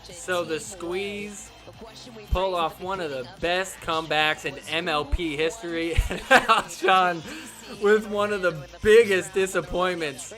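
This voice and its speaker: A man's voice: high voice, takes it slowly, pushed and bright, soft background music. A man hosting a podcast, giving casual, teasing commentary over sports clips and laughing often. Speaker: podcast host.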